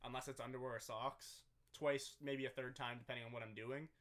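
A man in casual podcast chat, rambling through a story at an easy, mid-range pitch. He swears freely and talks loosely, like he's among friends. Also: steady tone, brisk, fairly bright tone. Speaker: podcast co-host.

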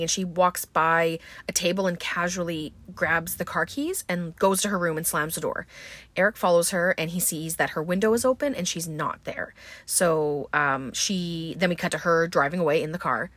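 A woman's voice: fairly low pitch, fairly bright tone, dry recording. A woman casually recapping a horror film, chatty and full of filler words. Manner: chatty, many ums and likes.

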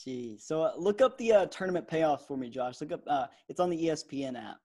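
A young man in his twenties co-hosting a podcast, chatting in a relaxed way with lots of fillers. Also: on the high side, a little fast. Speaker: podcast co-host. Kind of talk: casual sports podcast chat.

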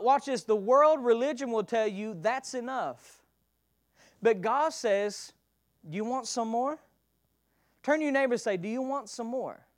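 High-voiced man preaching a sermon. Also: smooth, no echo, studio quality. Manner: reads scripture aloud then expounds, calls for congregation responses; swings from loud declaiming to soft murmured asides.

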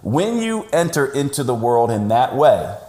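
A man joins a podcast over a call and tells his story with animated emphasis. His voice sits in a middle pitch. The sound is roomy, with echo around it. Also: unhurried. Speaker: podcast guest. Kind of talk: conversational storytelling. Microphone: remote call audio.

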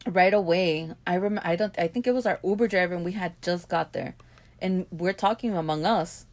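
A woman's voice: lowish voice, moderate pace, darkish tone. A woman in her thirties from South Central Los Angeles, with a Los Angeles accent, telling stories candidly as a podcast co-host, swearing freely and laughing often. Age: 30s. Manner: candid storytelling, frequent profanity and laughter. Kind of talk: casual podcast chat.

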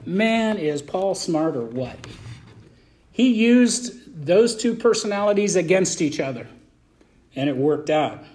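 A man with a high-pitched voice preaches a verse-by-verse sermon. He talks in a colloquial, emphatic way, swinging between loud bursts and quiet asides. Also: big pitch swings, slow. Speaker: pastor.

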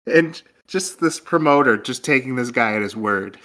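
A man's voice: medium pitch, expressive, unhurried, sharp tone. A man co-hosting a casual, comedic podcast chat, playful and joking, often breaking into laughter. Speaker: podcast co-host.

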